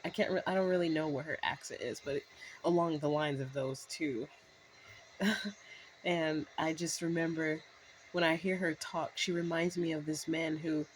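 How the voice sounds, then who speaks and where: With a deep voice heard over slight background noise on a rough recording, a thirty-something woman vlogs a casual, rambling story to camera. She keeps restarting, leans on fillers, and bursts into laughter.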